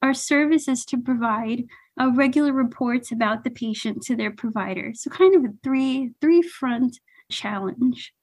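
A woman's voice: a little high, normal speed, darkish tone, breathy edge. A woman founder being interviewed on a podcast, upbeat and enthusiastic about her company. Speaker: startup founder, podcast guest.

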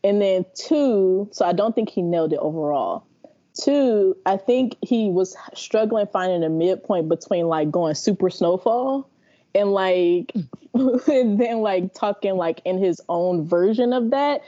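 A woman's voice: medium pitch, a little slow, muffled recording. A woman from the Bay Area, a podcast guest chatting casually and animatedly, often laughing. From San Francisco Bay Area. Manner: animated, laughing, talks in long runs. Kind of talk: casual chat.

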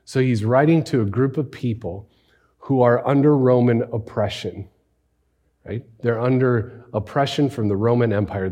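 A male pastor preaching a conversational sermon, animated and full of rhetorical questions, sometimes dropping to a hushed near-whisper for emphasis. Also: on the low side.

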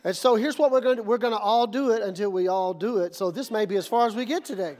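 A male pastor preaching a sermon in a church, moving from calm teaching to shouted, energetic call-and-response. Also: sits high, fast, slight background noise. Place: church sanctuary.

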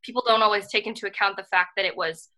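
A woman's voice: medium pitch, fairly even intonation, fast, pushed and bright, poor audio. A woman co-hosting a casual podcast chat, earnest and enthusiastic, talking in a rambling way full of "like" and "um". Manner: rambling, filler-heavy, frequent "like" and "um". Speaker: podcast co-host.

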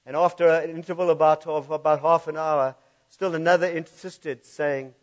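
Animated church preacher, fairly high voice. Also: male voice, normal speed. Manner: animated, laughing at his own slip-ups. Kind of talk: sermon with scripture reading.

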